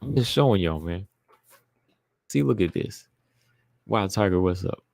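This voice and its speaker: A man with a deep, gravelly voice hosts a live stream and talks casually to his viewers. He circles back to the same phrases for emphasis and keeps addressing the chat directly. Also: expressive, a little slow, darkish tone, no echo. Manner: informal, uses "y'all" and "be listening". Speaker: podcast host.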